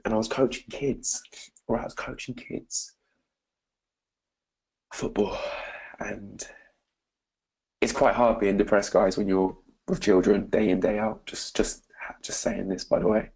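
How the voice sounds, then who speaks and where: A man's voice: fairly low pitch, level tone, a little slow, gravelly, long pauses, a little mellow, husky, rough recording. A man with a British accent, a motivational speaker telling an earnest personal story and often calling his listeners "guys". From Britain. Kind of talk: personal story told to camera.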